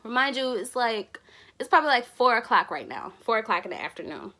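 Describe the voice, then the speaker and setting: A woman's voice: on the high side, sing-song, fairly quick, pushed and bright. A young woman tells a story on her vlog, laughing and acting out the dialogue. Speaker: vlogger.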